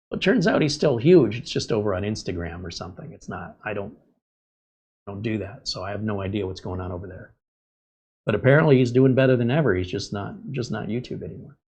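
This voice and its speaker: A man's voice: on the low side, a little mellow, husky. Chatty male host telling stories. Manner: chatty, rambling storyteller. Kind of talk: casual live-stream monologue.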